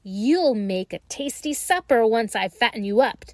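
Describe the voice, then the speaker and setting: A woman voicing a gnarled, toothless old witch who croaks and cackles, cruel and greedy, in a storybook reading. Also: a little high, animated, slow pace, no echo, clean studio sound. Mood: gloating.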